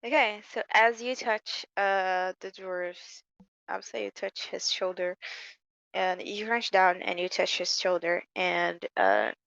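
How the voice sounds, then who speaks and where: Woman narrating a tabletop game, gravelly voice, slow halting delivery, dull dry recording. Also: mid-range voice, a bit bright, no room sound. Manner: halting, many ums and repeats. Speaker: game master.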